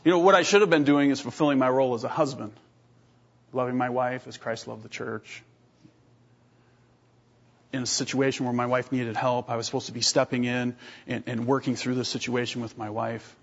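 A man in his thirties preaching a sermon as a pastor, telling lively stories with self-deprecating humor and often clearing his throat. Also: mid-range voice, brisk. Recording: dull lo-fi sermon recording.

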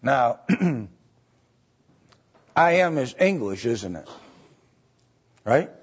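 A man teaching a Bible study lecture, halting with fillers and often checking in with "right?" and "okay?". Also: medium pitch, big pitch swings, breathy edge. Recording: dull lo-fi recording.

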